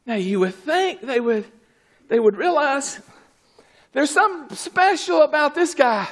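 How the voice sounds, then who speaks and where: A man preaching a fervent sermon, swinging from low murmurs to shouted exclamations. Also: animated, measured pace.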